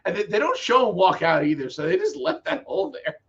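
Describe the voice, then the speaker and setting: A man's voice: high voice, wildly swooping pitch, quick pace, muffled recording, a loud crowd. A man co-hosting a podcast, chatting casually. He talks hesitantly and agreeably, with frequent restarts. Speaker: podcast co-host. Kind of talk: casual chat.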